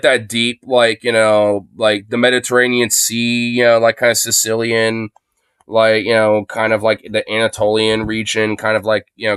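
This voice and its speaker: A man's voice: medium pitch, fairly bright tone, clean tone, no echo. A man streaming live commentary, rambling with constant fillers and frequent swearing. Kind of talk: livestream commentary. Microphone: phone.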